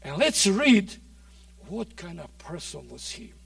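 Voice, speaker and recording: A man preaching a sermon in a dramatic way, swinging from loud shouts to near-whispers, recorded dry from a distant mic. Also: high-pitched, sing-song, takes it slowly, creaky, dry recording.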